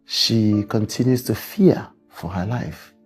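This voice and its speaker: A woman narrating the story in a measured news style and giving short replies to the witness. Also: extremely low pitch, darkish tone, slightly rough, soft background music.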